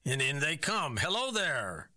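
Bright-voiced man hosting a guessing game. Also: on the high side, big pitch swings, a little slow. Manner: curious, probing questions with puzzled reactions. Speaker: game show host. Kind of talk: comic radio game show hosting.

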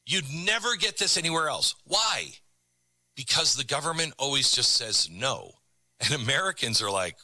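A man's voice: medium pitch, sing-song, normal speed, sharp tone, no room sound. A man hosting a show, delivering an emphatic monologue and urging the audience. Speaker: host.

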